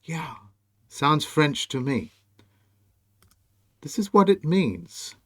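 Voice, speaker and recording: A man presenting a monologue over on-screen images, slow, emphatic and commanding as he speaks straight to the viewer. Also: a little high, big pitch swings, fairly bright tone. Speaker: video presenter.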